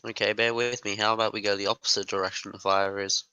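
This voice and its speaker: A man playing a tabletop game, casually thinking aloud and pitching plans. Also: level tone, fast talker, pushed and bright, clear, resonant tone, dry recording, lo-fi sound. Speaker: player. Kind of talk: tabletop role-play.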